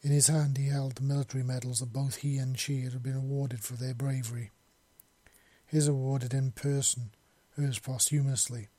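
Male narrator, warm dark tone, dry close sound, reads fiction and acts out the lines. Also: mid-range voice, flat delivery, normal speed, no room sound. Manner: acts out dialogue, shouting in grief scenes. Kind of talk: dramatic story reading.

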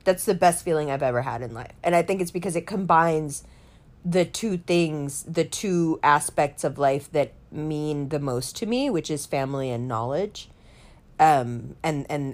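A middle-aged woman telling a story in a casual chat, animated and swearing, saying "like" a lot. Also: low voice, a little slow. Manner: animated, swearing, heavy use of "like".

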